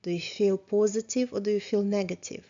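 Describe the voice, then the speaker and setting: A woman therapist leading a guided self-reflection lesson, talking calmly and asking many questions, with small grammar slips. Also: mid-range voice. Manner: slow, calm, questioning, with small grammar slips of a non-native speaker. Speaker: therapist teaching a course. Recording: slightly dull lo-fi sound.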